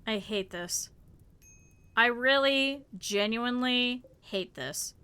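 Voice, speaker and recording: Bright-voiced woman streaming a game. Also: on the high side, takes it slowly, clear, resonant tone. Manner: chatty, scolds the game characters, swears, talks to chat. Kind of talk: live gameplay stream commentary.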